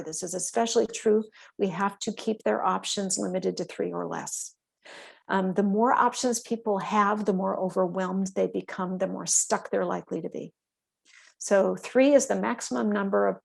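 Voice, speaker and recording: A woman giving a calm, explanatory instructional talk to veterinary staff, often checking in with her listeners. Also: medium pitch, gravelly. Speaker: workshop presenter for veterinary staff.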